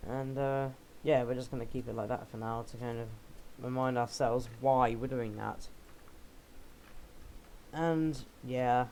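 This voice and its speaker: This gravelly, mid-range male voice, a little mellow, belongs to a young gamer rambling through jokey, self-deprecating commentary as he plays. The recording is rough, with a little hiss or hum.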